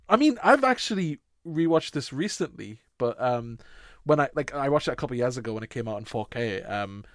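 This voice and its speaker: A man's voice: medium pitch, animated, brisk, dry recording. Podcast guy, sarcastic, curses a lot, dead dry room. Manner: sweary, sarcastic, laughs often. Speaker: podcast co-host. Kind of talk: casual chat.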